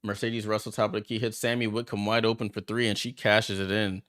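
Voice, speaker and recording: A man hosting a watchalong, giving chatty, excitable play-by-play as he reacts aloud to the game. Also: on the low side, a little fast. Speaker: watchalong host. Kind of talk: casual live play-by-play commentary.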